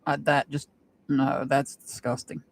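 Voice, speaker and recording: Slow, chatty woman reading tarot. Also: very deep voice, little pitch movement, gravelly, a little hiss or hum. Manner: chatty, rambling, laughs often. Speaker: tarot reader. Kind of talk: live-stream tarot reading, chatting with viewers.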